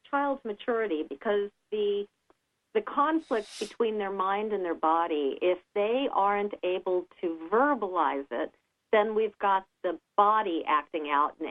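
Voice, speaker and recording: Calm woman on a tinny phone line. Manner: calm, explanatory, acts out children's lines in a higher voice. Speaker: guest expert on child behavior. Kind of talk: radio interview.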